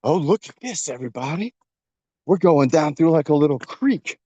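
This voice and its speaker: A man's voice: on the high side, animated, normal speed, dark tone, husky, no room sound, dull audio. A man coaching a workout while jogging outdoors, encouraging and a little out of breath. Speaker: fitness coach. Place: outdoors on a trail.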